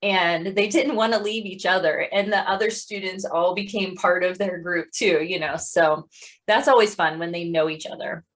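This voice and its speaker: A woman's voice: lowish voice, fairly even intonation, normal speed, fairly bright tone. Easygoing woman interview host. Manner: easygoing, asks questions conversationally. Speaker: podcast host. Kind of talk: casual interview chat.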